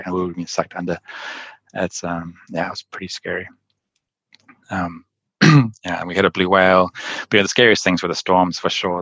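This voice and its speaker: A man's voice: low voice, fairly bright tone, no room sound, lo-fi sound. A man talking as a podcast guest, telling adventure stories in a rambling way with many fillers and laughs. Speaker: podcast guest, endurance athlete. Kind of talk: casual storytelling.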